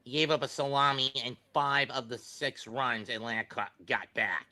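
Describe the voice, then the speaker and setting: A man's voice: mid-range voice, fairly even intonation, moderate pace, bright, forceful tone. A man co-hosting a postgame show, giving blunt, critical analysis.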